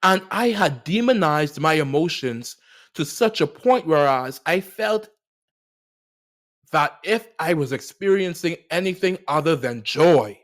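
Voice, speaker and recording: Young adult man, podcast host, fairly high pitch, expressive solo monologue with playful swings. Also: unhurried. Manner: animated, playful riffs with big swings in pitch and loudness.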